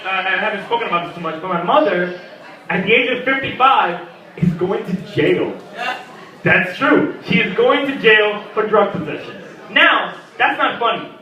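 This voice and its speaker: A young man performing a crude, mocking stand-up comedy set full of voiced quotes. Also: high voice. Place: comedy club stage. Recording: echoey club mic from a distance with crowd. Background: audience laughter.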